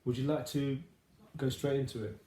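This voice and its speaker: Chatty male host, mellow voice. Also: mid-range voice, fairly even intonation, normal speed, slight background noise. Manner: chatty, joking, laughs often. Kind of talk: casual interview. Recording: echoey room.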